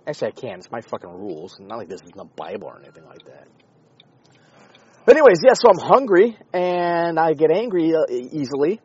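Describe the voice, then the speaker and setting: A man hosting a podcast, talking in a rambling, sarcastic, profane comedic monologue with a husky voice. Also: on the high side, very animated, brisk, a little mellow, lo-fi sound. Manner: rambling, sarcastic, swears often. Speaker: podcast host.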